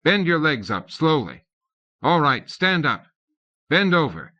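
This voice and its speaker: A man's voice: animated, normal speed. A man voicing a flustered, stern young male tutor, raising his voice. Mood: brusque. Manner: shouting, raised higher voice. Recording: dull lo-fi cassette audio.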